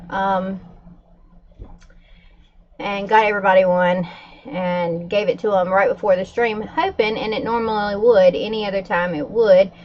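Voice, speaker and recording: A woman's voice: medium pitch, dull audio. Slightly winded woman streaming live. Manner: upset, talking to viewers while calming pets. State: a little out of breath. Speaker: vlogger livestreaming to chat. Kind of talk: casual livestream chat.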